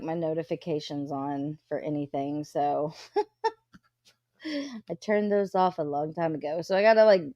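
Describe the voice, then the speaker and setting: A woman's voice: lowish voice, dry recording, lo-fi sound. A woman, hosting a livestream and chatting casually with viewers, blunt and profane. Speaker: livestream host. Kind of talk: casual chat reading out viewer comments.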